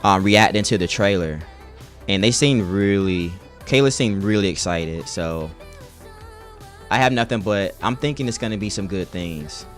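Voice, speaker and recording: A man's voice: on the low side, normal speed, soft background music. A young man streaming live, chatting casually with his chat in a laid-back, slangy way.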